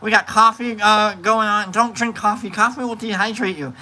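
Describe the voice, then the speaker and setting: Bright-voiced man chatting with viewers. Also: sits high, normal speed, low-quality recording. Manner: rambling and playful, with many fillers and restarts. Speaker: livestream host. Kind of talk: casual chat reading out viewer comments.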